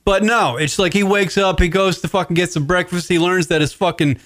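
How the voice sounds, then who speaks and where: A man's voice: high voice, steady tone, fairly quick, fairly bright tone. A man hosting a call-in radio show, ranting casually and swearing constantly as he rambles. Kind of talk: casual profane radio chat.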